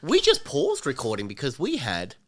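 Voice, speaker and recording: Low-voiced australian woman bantering. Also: wildly swooping pitch, moderate pace, crowd noise. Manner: playful banter, riffs on jokes. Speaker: podcast co-host. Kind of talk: casual chat.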